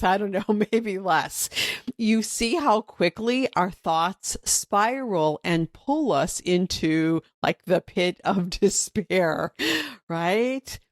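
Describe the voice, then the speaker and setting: A woman's voice: mid-range voice, no room sound, studio quality. A woman hosting a podcast, explaining in a chatty way and acting out worried inner thoughts. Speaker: podcast host and dog trainer. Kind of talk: solo podcast teaching.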